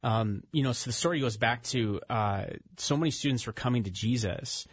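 A man's voice: medium pitch, moderate pace, slightly rough. A man speaking as a radio studio guest, telling a story in an earnest, conversational way with fillers. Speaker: author and ministry founder, studio guest. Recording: slightly dull, dry radio studio sound.

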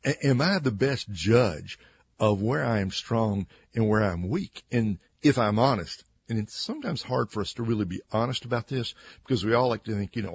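A man's voice: on the low side, lively intonation, normal speed, vocal fry, breathy edge, muffled recording. A man giving conversational Bible teaching as a radio guest, earnest and acting out quoted speakers with emphasis. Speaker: Christian author and radio guest.

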